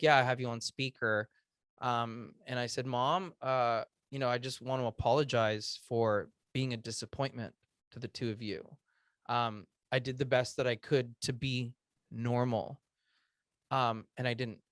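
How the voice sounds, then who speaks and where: This thirty-something man, a guest on a podcast, recounts an emotional story from his own life with earnest, halting speech full of ums and restarts. He has a medium-pitched, somewhat bright voice, recorded without room sound.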